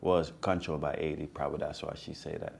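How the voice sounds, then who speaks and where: A man's voice: extremely low pitch, flat delivery, fast, vocal fry, a little mellow. A man with a Jamaican accent co-hosting a podcast, dropping laid-back short quips in casual banter. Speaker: podcast co-host.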